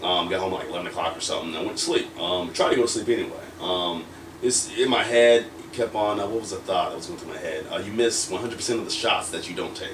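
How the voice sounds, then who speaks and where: A man's voice: low-pitched, animated, fast talker. A man telling a story in a casual interview, rambling and full of fillers, acting out quoted lines. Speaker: wrestler guest. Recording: roomy echo, distant from mic, faint noise.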